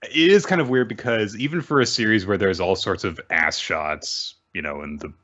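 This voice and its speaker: A man's voice: on the low side, normal speed, a bit bright, muffled recording. A man co-hosting a podcast, adding chuckling asides in casual chat about comics. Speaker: podcast co-host.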